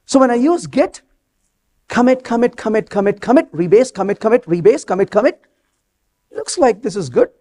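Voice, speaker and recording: A man speaks from a conference stage, his voice pitched high and swinging widely as he tells stories. He drops into different voices to act out conversations, keeping the audience with him. He sounds close on a clip-on or headset mic. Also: moderate pace. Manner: animated storytelling, acts out quoted dialogue. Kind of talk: live technical talk.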